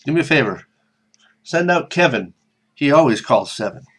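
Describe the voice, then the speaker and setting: A man voicing a bossy male casino boss in a spoken story, giving brisk orders. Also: mid-range voice, lively intonation, a bit bright, husky. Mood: commanding.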